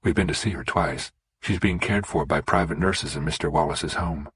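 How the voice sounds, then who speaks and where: A man's voice: rumbling low, normal speed, a bit bright, husky, dry recording, exaggerated voice. A man voicing a determined young mother who talks bluntly and insistently. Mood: earnest.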